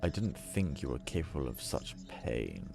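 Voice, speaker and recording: A man voicing a diseased, brooding male flesh creature in a low, slow, hushed, ominous way. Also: big pitch swings, creaky, music in the background, heavily acted.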